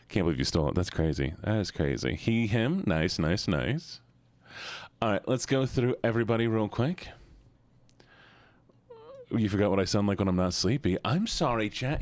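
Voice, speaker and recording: A man streaming live, chatting casually with his viewers in a playful, sing-song way, drifting into a soft sleepy mumble. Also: on the low side, expressive, moderate pace, pauses often, dry recording. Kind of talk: casual chat greeting viewers.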